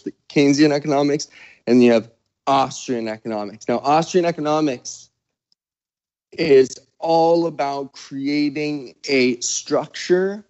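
A man hosting a casual conversation, talking slowly with many restarts and pauses while he searches for words. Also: mid-range voice, darkish tone, dry recording, lo-fi sound. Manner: slow, halting, searching for words.

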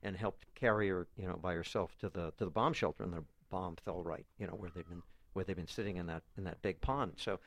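A man, an author, recounting family stories in an interview, halting and often repeating his words as he goes. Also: deep voice, vocal fry. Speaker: author and guest. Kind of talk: conversational storytelling interview.

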